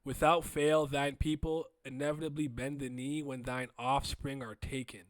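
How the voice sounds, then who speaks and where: A man reading aloud the lines of a sinister ancient ruler who speaks in archaic English, slow and solemn. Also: medium pitch, little pitch movement, no room sound, lightly acted. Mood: ominous. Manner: solemn, slow, old-fashioned phrasing.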